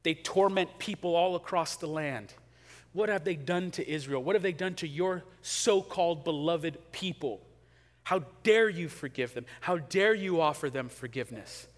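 An indignant, sulking prophet, put on by a man airs his bitter complaints. His voice sits a little high. A long reverb trails after each phrase. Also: moderate pace, natural voice.

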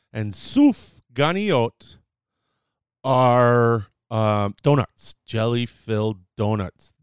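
Clean studio sound with no echo carries a medium-pitched, clear-toned man teaching a few Hebrew words. He hosts the casual podcast lesson in a playful, chatty style, using fillers and fixing his own slips.

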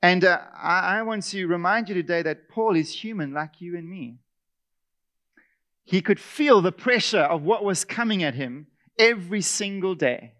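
A man preaching a sermon as pastor, animated, sometimes acting out whiny complaining voices and restarting words when emphatic. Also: on the high side.

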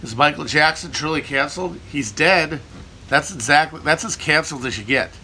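Guy streaming, answering chat, bright sharp voice, jokey and swears a lot, slight background noise. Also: a little high, normal speed. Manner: irreverent, profane, riffing, jokey. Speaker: livestream host answering chat. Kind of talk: casual rambling chat.

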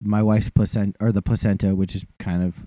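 A man's voice: on the low side, level tone, a little fast, mellow, dry recording. A man telling a funny, self-deprecating story in a casual chat and acting out what other people said.

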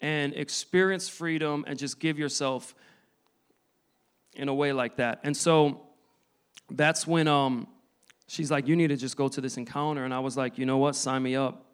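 A man in his thirties preaching a sermon, telling his testimony in an earnest, halting way with many restarts. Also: medium pitch, steady tone, clear, resonant tone.

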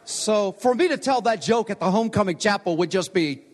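A man's voice: high-pitched, animated, a little fast, soft background music. Older preacher man in a reverberant chapel. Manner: storytelling, self-deprecating humor. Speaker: pastor. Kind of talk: homecoming chapel sermon. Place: large chapel. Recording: long hall reverb.

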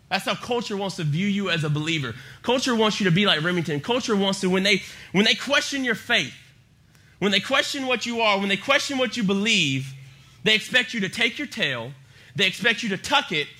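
A man's voice: high-pitched, animated, fairly quick, sharp tone. A young man preaching to a youth group, telling humorous stories with plenty of energy. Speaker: youth pastor. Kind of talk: youth sermon. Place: church youth service.

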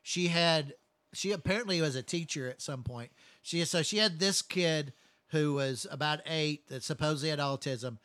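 A man's voice: fairly high pitch, normal speed, a bit bright, dry recording. A man telling long, profane stories from his work as a first responder in a casual chat. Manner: profane, rambling, blunt.

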